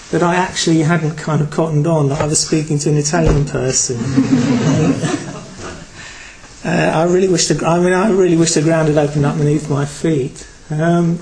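A man's voice: on the high side, noisy background. A man from Britain giving a Buddhist talk to a group, reflective and hesitant, with many fillers. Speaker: Buddhist teacher.

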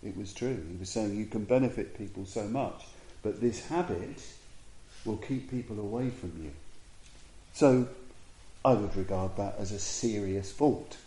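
Guy giving a dharma talk, mellow and kinda low, lots of pauses, roomy echo. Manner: reflective storytelling with frequent pauses and restarts. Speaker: Buddhist teacher.

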